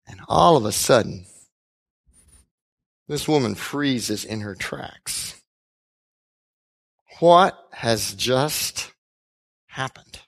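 Slow-talking preacher retelling a story. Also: male voice, medium pitch, gravelly. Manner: animated storytelling, acting out the characters. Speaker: pastor. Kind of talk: sermon.

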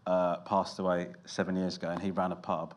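A comedian in a casual interview, telling stories in a dry, self-mocking way with lots of "uh" and restarts. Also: male voice, deep voice, little pitch movement, brisk, a little hiss or hum. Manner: dry self-deprecating storytelling with fillers. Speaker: comedian guest.

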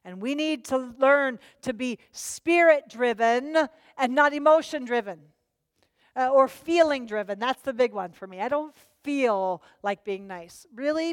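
A woman preaching a sermon with passion, swinging between loud emphatic lines and hushed, low asides. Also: clear, resonant tone, clean studio sound. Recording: long hall reverb.

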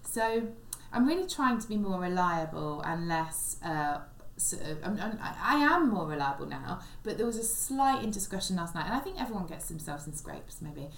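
A woman's voice: on the low side, expressive, moderate pace, gravelly, few pauses. A young woman and comedian, chatting on a podcast and telling a long story in a rambling way, with many restarts. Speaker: podcast co-host and stand-up comedian. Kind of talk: casual chat, storytelling. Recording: echoey room, faint background noise.

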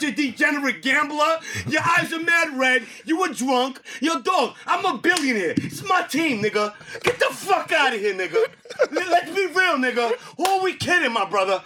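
A man ranting loudly and profanely as a podcast co-host in a heated casual sports argument. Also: extremely high pitch, lively intonation, moderate pace, background noise. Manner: loud, profane, shouting rants.

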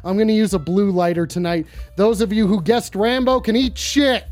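A live-stream host in their thirties taking phone calls, talking in a loud, profane, casual way and often bursting into shouts. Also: mid-range voice, moderate pace, dry recording, faint music behind. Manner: excitable, swears constantly, bursts into shouting.

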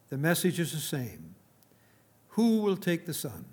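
Slow-telling, slightly high male preacher. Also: huge pitch swings, breathy edge. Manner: tells an illustration story, then drives the point home. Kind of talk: sermon storytelling.

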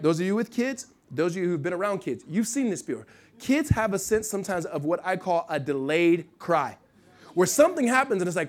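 A middle-aged man from the United States delivers a sermon in a high, light voice. He talks in a loose, conversational way, with restarts and asides. His level swings between loud, pressing points and quiet, hushed passages. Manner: animated preaching with wide swings from loud to hushed. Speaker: pastor.

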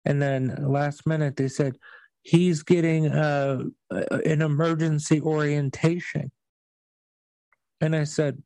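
A man's voice: fairly high pitch, fairly even intonation, takes it slowly, warm tone, dry recording, poor audio. A man hosting a podcast, telling stories in casual chat with blunt, profane language. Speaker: podcast host.

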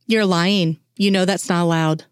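A woman reading the lines of a calm female agent and mother who speaks softly but firmly. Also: fairly low pitch, normal speed, clean tone, no echo, studio quality, close to an everyday voice. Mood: gentle. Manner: soft but firm.

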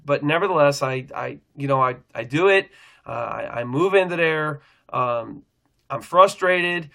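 A middle-aged male pastor shares his own testimony with a bright, forceful tone sitting a little high for a man. He rambles earnestly, circling back and restarting sentences as he goes. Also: expressive, a little slow, vocal fry. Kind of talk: personal faith testimony.

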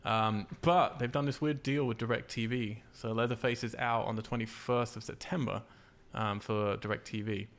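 A man's voice: mid-range voice, fairly even intonation, normal speed. A man hosting a casual podcast about horror games and films, rambling with lots of filler words. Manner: rambling, lots of ums and uhs. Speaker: podcast host.

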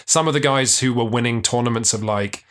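A man's voice: mid-range voice, fairly quick, a bit bright. A man co-hosting a gaming podcast, chatting casually with dry, wry remarks. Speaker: podcast co-host. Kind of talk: casual chat.

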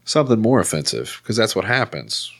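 Brief: deep host, crude and rambling. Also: male voice, big pitch swings, fairly quick, gravelly. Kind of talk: casual podcast chat.

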